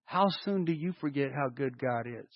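A man preaching a sermon in a large church hall, animated and full of rhetorical questions. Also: medium pitch, moderate pace. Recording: dull lo-fi with long hall reverb.

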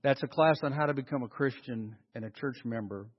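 A man preaching a sermon as a pastor, telling stories and swinging from loud acted-out quotes to hushed, slow emphasis. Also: mid-range voice. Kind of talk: sermon storytelling. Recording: dull sound with long hall reverb.

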